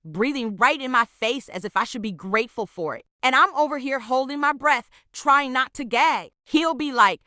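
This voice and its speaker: Woman, scripted storytime narration, exasperated, sarcastic, slightly high voice, dry sound. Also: expressive, moderate pace, hardly any pauses, pushed and bright, dry recording.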